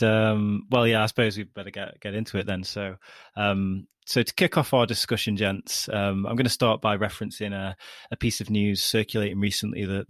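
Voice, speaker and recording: A man's voice: fairly low pitch, no echo, clean studio sound. A man hosting a podcast, introducing guests and asking questions with easygoing, light teasing. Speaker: podcast host.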